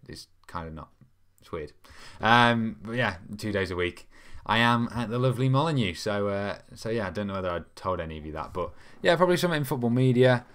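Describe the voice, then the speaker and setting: A young man hosts a football fan channel live stream, rambling casually and reading out viewer comments with lots of ums. His voice is on the low side and a bit bright.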